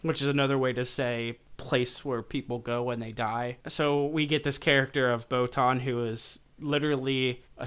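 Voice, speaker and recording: A man hosting a podcast, casually retelling an episode with animated storytelling and frequent fillers. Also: medium pitch, clear, resonant tone. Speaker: podcast host.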